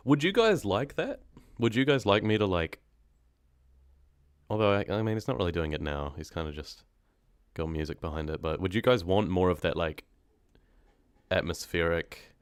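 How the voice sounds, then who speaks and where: A young New Zealand man talks loosely to his stream audience, wandering from thought to thought and letting sentences trail off. His voice sits very low. The sound is dry and close, with no room around it. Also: animated, normal speed, long pauses, clean tone, dry recording. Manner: rambling, chatty, often trailing off. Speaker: horror story narrator chatting on a livestream. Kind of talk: casual livestream chat.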